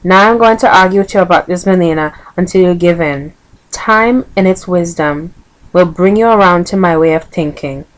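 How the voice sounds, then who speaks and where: A woman's voice: on the low side, normal speed, natural voice, low-quality recording. A woman with a Vincentian accent voicing a fierce, stubborn old nanny while reading a book aloud. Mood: insistent.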